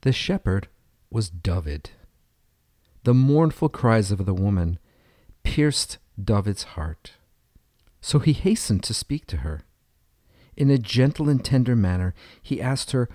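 A man narrating a storybook tale in a steady, even way. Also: lowish voice, measured pace, long pauses, dry recording, clean studio sound.

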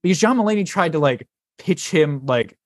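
A man hosting a casual podcast chat, telling stories in an animated way and swearing casually. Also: fairly high pitch, normal speed, no room sound. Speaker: podcast host.

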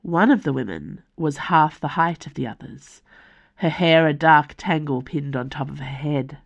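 A woman author reading her own fantasy novel aloud as scripted audiobook narration, measured and deliberate. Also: low voice, vocal fry, muffled recording.

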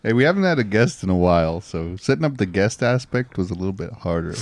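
A man's voice: low-pitched, very animated, fast, no echo. A man co-hosting a casual podcast, cutting in with jokes. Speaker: podcast co-host.

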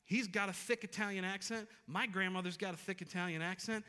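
A man preaching in a church sanctuary, his bright, sharp voice ringing through a hall with long reverb. He moves from easy, conversational talk to emphatic, repeated lines, sitting a bit higher than most men. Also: fairly even intonation, brisk, smooth. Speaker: pastor. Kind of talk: sermon.

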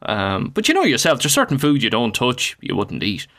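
Lively, bright-voiced man chatting. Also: mid-range voice, normal speed. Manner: chatty, swears, agrees often. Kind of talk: casual chat.

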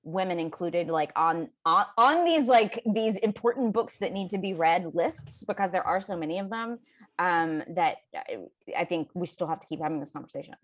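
A woman's voice: on the low side, lively intonation, moderate pace. A woman from Texas co-hosting a casual book podcast, chatty and giggly with many fillers. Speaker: podcast co-host. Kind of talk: casual chat.

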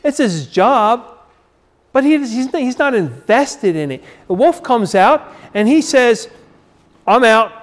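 Preaching slowly and emphatically, a man repeats his main phrases and theatrically acts out the figures he quotes. His voice is very high-pitched and swings widely in pitch.

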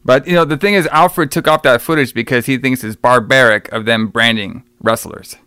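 A man co-hosting a podcast, retelling a scene in casual, profane, animated chat. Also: mid-range voice, normal speed, clear, resonant tone, no echo. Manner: animated, profane storytelling with laughs. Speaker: podcast co-host.

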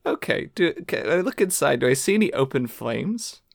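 Woman, tabletop player, very low voice, dry close sound. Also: very animated, fairly quick, vocal fry, no room sound. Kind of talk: tabletop role-play.

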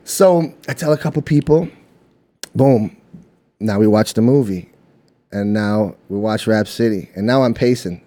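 A man with a Canadian accent, a podcast guest telling stories in casual chat, animated and full of "you know what I mean". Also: on the low side, unhurried. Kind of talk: casual storytelling.

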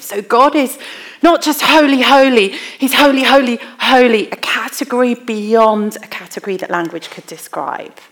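Woman preaching a sermon, slightly gravelly. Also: medium pitch. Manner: storytelling with humour, emphatic repetition.

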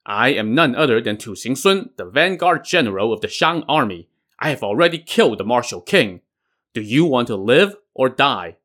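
A man's voice: medium pitch, expressive, normal speed, fairly bright tone. A man voicing a boastful, lecherous enemy general who barks his lines. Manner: barking, blustery.

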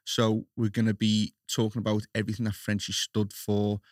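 A man's voice: fairly low pitch, monotone, moderate pace, no echo, studio quality. A man with a Scouse accent hosting a podcast interview, friendly and chatty, often laughing at his own slips. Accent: Liverpool Scouse. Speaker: podcast host.

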